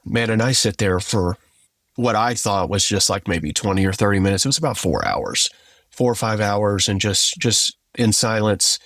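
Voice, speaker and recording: A man tells a personal story in an earnest, halting way, with many "like" fillers. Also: fairly low pitch, animated, a bit bright, no room sound, clean studio sound. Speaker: guest sharing his testimony.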